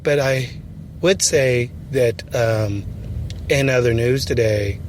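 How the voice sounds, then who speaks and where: A man playing a slow, halting news reporter. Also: mid-range voice, slight background noise, close to an everyday voice. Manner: halting, full of ums and pauses. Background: music.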